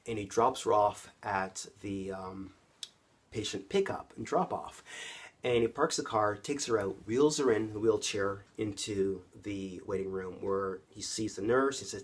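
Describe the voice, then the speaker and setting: A vlogger of about fifty from Canada tells a personal story to camera, talking conversationally and speaking straight to his viewers. His voice is fairly low in pitch and slightly rough.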